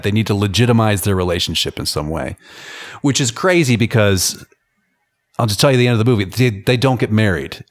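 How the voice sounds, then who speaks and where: A man co-hosting a casual podcast from home, retelling a film's plot in an animated, joking way. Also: lowish voice. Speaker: podcast co-host. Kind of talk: casual chat. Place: at home near an airfield.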